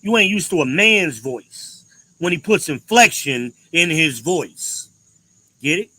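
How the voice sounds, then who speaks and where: A man's voice: a little high, lively intonation, takes it slowly, sharp tone, dry recording, rough recording. A man hosting a show, giving a blunt, profane commentary with emphatic inflections. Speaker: podcast host. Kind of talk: ranting commentary.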